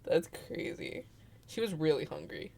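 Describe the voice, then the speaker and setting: A woman's voice: deep voice, sing-song, normal speed, gravelly, a little mellow. A woman streaming a video game, chatting casually and making dry, teasing remarks. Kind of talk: casual gaming commentary.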